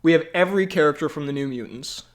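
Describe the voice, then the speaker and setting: A man's voice: on the high side, quick pace. A man co-hosting a casual podcast chat, rambling with fillers and laughing often. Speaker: podcast co-host.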